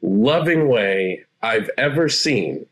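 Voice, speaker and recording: Calm assured man in his forties. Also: fairly low pitch, slow pace, husky. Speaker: therapist guest. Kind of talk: interview answers.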